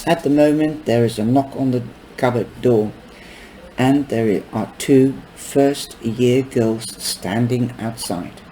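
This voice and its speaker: A man reading a novel aloud, unhurried, with small stumbles and casual asides. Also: mid-range voice, mellow, a little hiss or hum, rough recording. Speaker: book reader.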